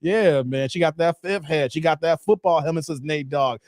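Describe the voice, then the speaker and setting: A man hosting a casual live stream, loudly roasting a clip and reading chat with lots of laughs. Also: a little high, normal speed, no echo, clean studio sound. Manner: loud joking roasting, laughs often.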